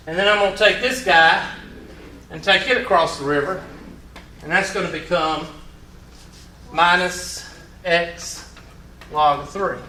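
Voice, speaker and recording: A Southern-accented man teaches math, working problems with folksy jokes in a high, sharp voice, slow and full of pauses. The lecture is captured from far off in an echoey classroom with slight background noise.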